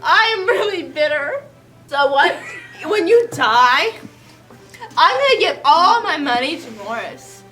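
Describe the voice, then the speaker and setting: A woman voicing a cold, bitter young heiress who speaks low and sneering. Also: moderate pace, faint music behind. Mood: bitter ranting. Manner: low, flat and icy, sneering.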